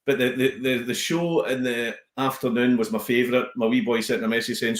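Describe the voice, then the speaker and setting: A Scottish man, a comedian, chatting casually on a podcast as an animated storyteller who slips into voices. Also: medium pitch, brisk, reverberant. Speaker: comedian guest.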